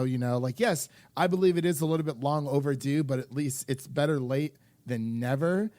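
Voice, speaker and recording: A young man co-hosting a film podcast, talking in an animated, rambling way with lots of restarts and fillers. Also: a little high, fairly quick, few pauses, no echo. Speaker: podcast co-host. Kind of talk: casual chat.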